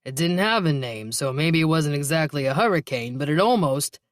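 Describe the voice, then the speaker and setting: A man's voice: fairly high pitch, expressive, normal speed, dry recording, close to an everyday voice. A man voicing a wry male police detective who teases his partner in dry banter, in an audiobook. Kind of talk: audiobook dialogue reading.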